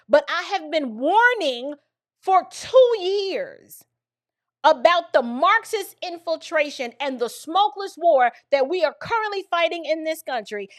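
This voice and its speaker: A woman commentator delivers a heated opinion monologue in a high voice. She lectures and challenges her listeners, piling up rhetorical questions with a preachy, combative edge. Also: a bit bright. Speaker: political commentator.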